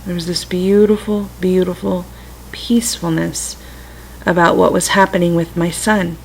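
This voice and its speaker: Gentle woman talking at her computer. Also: fairly low pitch, little pitch movement, normal speed, creaky, slight background noise, rough recording. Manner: gentle, reflective, with self-amused asides. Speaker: vlogger sharing personal stories. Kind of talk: casual spiritual talk to camera. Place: home. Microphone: computer webcam mic.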